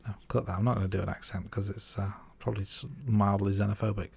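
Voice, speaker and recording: His voice is low, creaky and darkish with a breathy edge, delivered flatly and quickly. He's co-hosting a casual podcast chat about a film, laughing at himself and repeatedly restarting his stumbling sentences in a self-deprecating manner.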